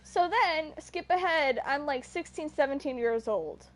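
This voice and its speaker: A woman's voice: high voice, expressive, a little slow, faint music behind. A young adult woman streamer telling a personal story in a casual, rambling way, often stopping and restarting her sentences. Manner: rambling, self-interrupting, earnest.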